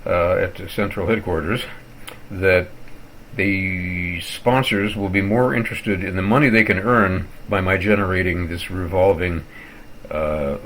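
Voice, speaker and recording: An older man rambling through a wry, theatrical rant about his internet service while clicking around his computer at home, sounding worn out and low on energy. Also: a bit bright, a little hiss or hum, low-quality recording. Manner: digressive, wry, with theatrical asides. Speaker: vlogger ranting about his internet provider. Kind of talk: rambling screen-recorded rant.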